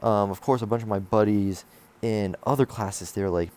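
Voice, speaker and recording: A man's voice: fairly low pitch, moderate pace, a little mellow. A young man telling a casual storytime, rambling and swearing with lots of fillers and restarts. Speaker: vlogger telling a school story.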